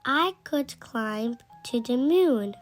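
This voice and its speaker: A boastful little storybook mouse who swears he is a tiger, as a woman reads him out. The voice sits high and is drawn out slowly, stubborn and playful. Soft music plays faintly behind. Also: expressive. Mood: stubborn boasting. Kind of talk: storybook read-aloud.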